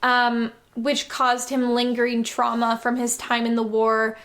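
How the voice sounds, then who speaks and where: A woman's voice: a little high, completely flat delivery, measured pace, fairly bright tone. A woman reading a novel aloud and breaking in with sarcastic, amused comments.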